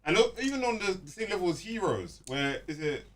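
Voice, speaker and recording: A man's voice: sits high, big pitch swings, brisk, a crowd in the background. A man chatting casually on a podcast, laid-back and throwing in questions. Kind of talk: casual chat.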